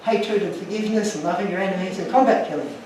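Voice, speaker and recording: A man's voice: sits high, quick pace, heavy reverb, far from the mic, background noise. A man giving an earnest, emotional talk to an audience, telling stories from his slides. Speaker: guest speaker.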